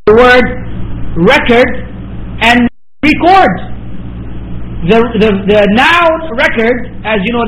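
A man's voice: very high-pitched, fairly bright tone, reverberant, slight background noise, poor audio. A man, a religious scholar, answering listeners' questions with earnest explanations and worked examples.

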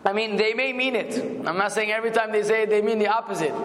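Man, very high voice, religious teacher, quizzes his students, long hall reverb. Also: fast, a bit bright. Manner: quizzes students and jokes with them. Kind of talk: religious lesson with Arabic recitation.

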